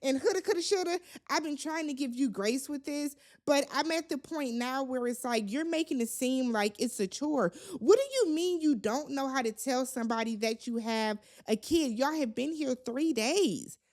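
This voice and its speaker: A woman's voice: high voice, normal speed, hardly any pauses, darkish tone. A woman giving a casual reality show recap in a sassy, chatty and opinionated way. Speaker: recap vlogger.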